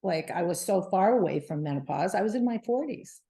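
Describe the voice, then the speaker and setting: Middle-aged lady guest, animated storyteller, lots of restarts, bouncy delivery. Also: on the low side, brisk. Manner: animated, lively retelling with restarts. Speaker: guest, menopause advocate. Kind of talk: casual storytelling interview.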